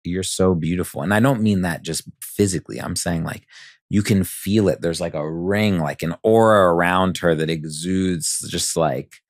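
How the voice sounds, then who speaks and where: A man in his thirties, a podcast guest, telling a rambling story and acting out quotes in a high voice. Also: normal speed, no echo, studio quality. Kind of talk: casual podcast conversation.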